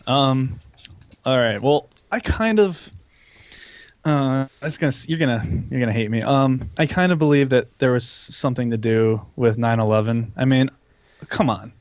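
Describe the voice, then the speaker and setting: A man's voice: mid-range voice, moderate pace, smooth, dry recording, highs cut off. A young man hosting a podcast in casual chat, rambling and cursing with many restarts. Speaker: podcast host.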